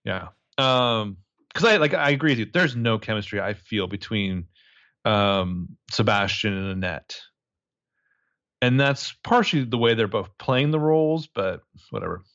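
A man's voice: lowish voice, measured pace, fairly bright tone, highs cut off. A man casually recapping a movie as a podcast co-host, crude and joking, rambling with lots of fillers.

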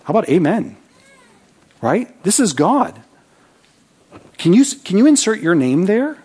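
A man's voice: sits high, very animated, unhurried, dark tone, breathy edge. A man preaching a sermon as pastor, talking conversationally, reading scripture aloud with his own asides and checking in with "right?".

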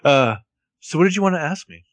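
A man's voice: on the high side, no room sound. A man co-hosting a podcast, recapping a show in casual chat with lots of "like" fillers. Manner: chatty, full of "like" fillers. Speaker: podcast co-host.

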